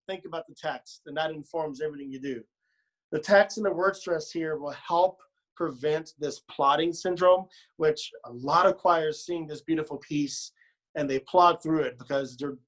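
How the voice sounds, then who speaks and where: With a slightly high, bright voice, this choir director coaches singers on pronunciation and stress. He demonstrates lines by speaking and singing them and keeps things light with playful jokes.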